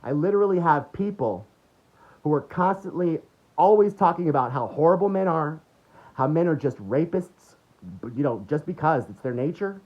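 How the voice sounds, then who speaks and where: A man's voice: on the high side, expressive, normal speed. A man delivering an angry, mocking political rant full of swearing. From United States. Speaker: political commentator. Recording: dull lo-fi recording.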